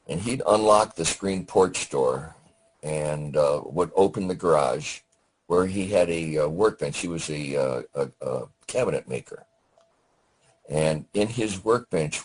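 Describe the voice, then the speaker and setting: An older man from Detroit, a Vietnam veteran guest, recalls his childhood slowly over a remote call, pausing often with fillers. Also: sits low, slight background noise, rough recording. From Detroit, Michigan. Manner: slow, halting recollection with many pauses and fillers. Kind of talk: storytelling interview. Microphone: remote audio call.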